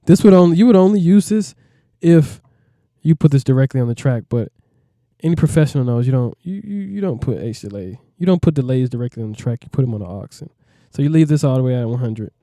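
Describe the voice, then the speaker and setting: Talking fast with lively intonation, a male music producer gives a relaxed, meandering plugin walkthrough, frequently checking "you know what I mean." His medium-pitched voice is mellow, with no echo.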